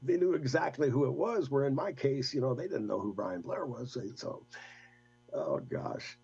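An older man, a guest, telling a rambling, animated story in casual talk. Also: mid-range voice, normal speed, gravelly, slightly rough, lo-fi sound, soft background music. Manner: rambling, animated anecdote with laughs.

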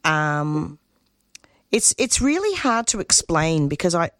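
A woman, a community radio producer speaking as an interview guest, earnest and emotional, halting and restarting her sentences. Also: sits low, very animated, fairly bright tone, no echo, clean studio sound. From Australia. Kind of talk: interview guest, spontaneous talk.

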